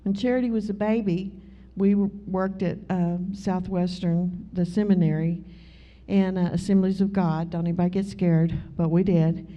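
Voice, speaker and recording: A woman's voice: fairly low pitch, fairly even intonation, moderate pace. A middle-aged woman teaching a Bible study, telling chatty personal stories and acting out both sides of conversations. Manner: chatty storyteller who acts out both sides of dialogues. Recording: dull lo-fi recording.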